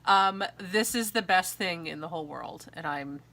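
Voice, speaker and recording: Giggling and trailing off with ums, a US craft vlogger in her thirties talks casually about mail she got. Her voice is lowish and sharp in tone, at a normal speed.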